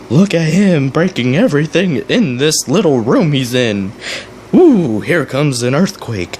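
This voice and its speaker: A young man hosting a reaction commentary, sarcastic and crude, swearing constantly and mock-shouting at the clip he is watching. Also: a little high, big pitch swings, slow pace, a little hiss or hum. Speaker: commentary host.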